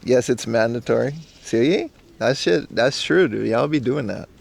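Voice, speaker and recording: A man's voice: medium pitch, lively intonation, measured pace, vocal fry. A man streaming live from a park, chatting casually and reading out chat with loose, slangy rambling. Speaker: IRL streamer. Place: outdoors in a park in Japan.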